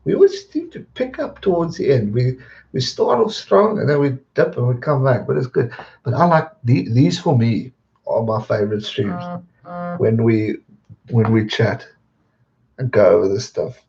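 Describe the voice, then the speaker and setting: A man's voice: mid-range voice, a little slow, vocal fry, a little mellow, highs cut off. A man hosting a live stream, chatting casually and greeting viewers by name as he reads their comments.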